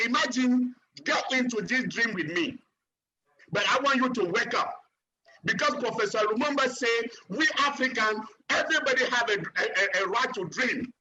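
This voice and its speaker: A man with a very high, piercingly bright voice delivers a fervent motivational speech over a video call. He chants slogans and rallies his listeners. The audio is dull and lo-fi. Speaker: transportation engineer giving a speech.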